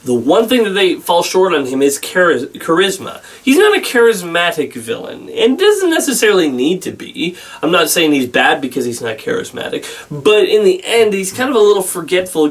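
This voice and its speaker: A man's voice: high-pitched, big pitch swings. Rambling man reviewing a film, slightly distant mic. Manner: rambling, halting, with many restarts and fillers. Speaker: movie reviewer. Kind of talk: casual spoken film review.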